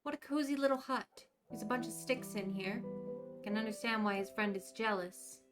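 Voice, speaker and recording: Woman streamer reading a story game, calm with quick asides, light music under her. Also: fairly high pitch.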